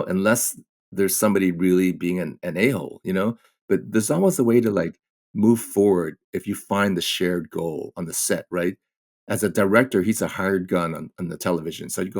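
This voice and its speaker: A middle-aged man, a guest actor, telling stories candidly and acting out the exchanges he quotes. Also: low-pitched. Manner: animated, acts out quoted exchanges. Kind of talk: candid conversational storytelling.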